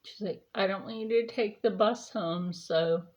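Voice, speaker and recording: A woman's voice: mid-range voice, measured pace, darkish tone. A woman vlogger chatting casually during her skincare routine, telling a rambling story with lots of fillers.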